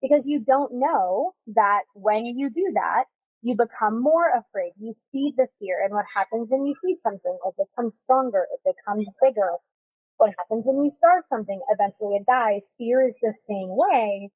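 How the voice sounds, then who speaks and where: A woman's voice: a little high, lively intonation, moderate pace, a little mellow, breathy edge, no echo, low-quality recording. A woman hosting a solo podcast, talking in a chatty, upbeat, encouraging way close to the mic. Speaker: podcast host. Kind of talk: casual solo podcast talk. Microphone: close mic, recorded on video.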